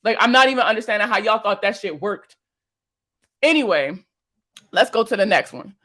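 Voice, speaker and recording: A woman's voice: medium pitch, animated, normal speed, a bit bright. A young woman, a finance creator, reacting to viewer comments in casual talk, blunt and exasperated, swearing and firing off rhetorical questions.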